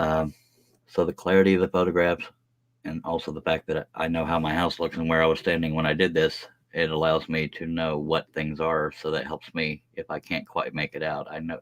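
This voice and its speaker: With an extremely low-pitched voice, a man talks in a relaxed, folksy manner during a live stream, sprinkling in "y'all" while drawing a scroll saw pattern in his workshop. The recording is dry.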